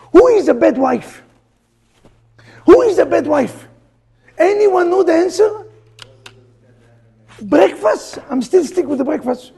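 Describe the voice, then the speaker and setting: A middle-aged man, a rabbi, teaching a humorous class in a synagogue in broken English, firing off rhetorical questions and loud bursts. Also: extremely high pitch, creaky. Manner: jokey, full of rhetorical questions, bursts into loud quoted rants; broken non-native English grammar. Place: synagogue hall.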